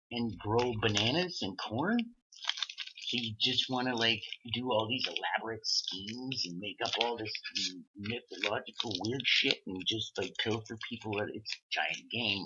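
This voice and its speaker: A man's voice: on the low side, a little slow, background noise. A man talking in a rambling, profane monologue from Canada, acting out the voices of people he quotes. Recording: dull lo-fi sound.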